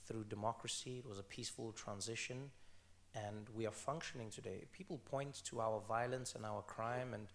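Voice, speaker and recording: A man's voice: on the low side, creaky. A man in his thirties from South Africa with a South African accent, speaking onstage as an author guest in an earnest, emphatic way and repeating phrases for stress. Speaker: author guest at a book event. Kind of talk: onstage conversation.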